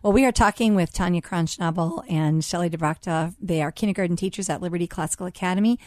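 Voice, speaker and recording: Brief: woman host, low-ish voice, affirming and encouraging, dry close sound. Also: fast talker, a little mellow, dry recording. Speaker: radio host. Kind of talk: radio interview.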